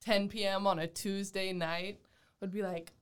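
A woman's voice: mid-range voice, a little slow, clear, resonant tone. A woman in her twenties from Texas, a podcast guest chatting casually and animatedly telling a story. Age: 20s. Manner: animated storyteller, acts out quotes, laughs often.

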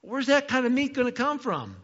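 A man's voice: extremely high pitch, very animated, fairly quick, fairly bright tone, long reverb tail, muffled recording, pitched above the performer's own voice, heavily acted. A man voicing Moses as a worried leader asking anxious questions.

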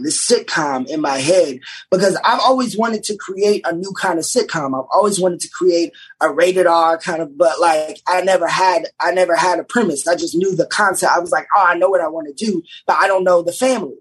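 A young man, a writer, chatting casually on a podcast and telling an animated story full of restarts. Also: high-pitched, moderate pace, breathy edge, low-quality recording. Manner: animated storyteller, many restarts, does voices in quotes. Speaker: writer and showrunner guest.

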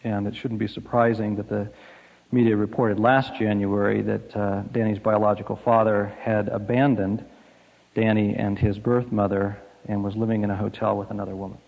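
A man preaching a sermon, telling a story slowly and dramatically, letting his lines fade to a hush. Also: lowish voice, flat delivery, gravelly. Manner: slow, dramatic storytelling with soft, hushed line endings. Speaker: pastor. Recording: echoey hall.

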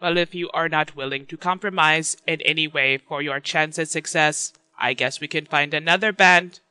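Casting: a man as a crisp, bright, formal record manager in a stage play. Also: a little high, fairly even intonation, normal speed, no room sound. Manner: formal, clipped. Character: stiff, formal male music-industry manager.

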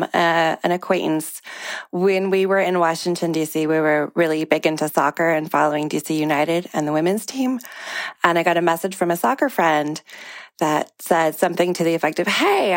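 A woman's voice: on the low side, no echo. A woman in her thirties, an interview guest, telling a personal story in a conversational way and briefly acting out the people she quotes.

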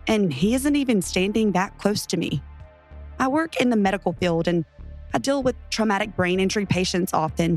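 A woman's voice: on the low side, darkish tone. A woman earnestly telling a tense first-person story as narrator.

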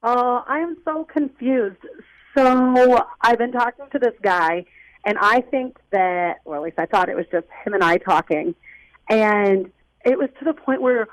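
A woman's voice: on the high side, unhurried, dry recording, rough recording. A young woman calling in to a radio advice show, flustered and rambling, saying "like" a lot. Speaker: caller. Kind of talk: call-in radio chat.

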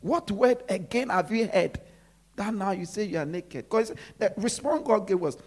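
A preacher delivering a sermon who repeats phrases and drops to low murmurs between emphatic lines. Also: animated, normal speed, a little mellow, breathy edge.

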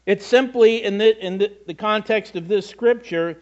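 High-voiced chatty male pastor. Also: moderate pace, lo-fi sound. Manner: conversational, self-deprecating asides and repetitions. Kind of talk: sermon.

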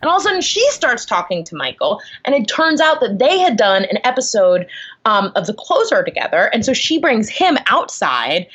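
A woman's voice: a little high, normal speed, husky. Chatty young woman telling a story. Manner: animated, lots of likes and ums. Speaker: guest. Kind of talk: casual storytelling. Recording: dull lo-fi sound.

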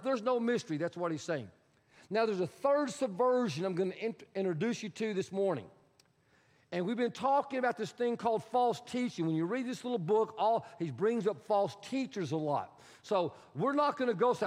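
Pastor, male, high voice, emphatic teaching sermon, long reverb of a church sanctuary. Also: lively intonation, moderate pace. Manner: emphatic, repetitive teaching with audience prompts.

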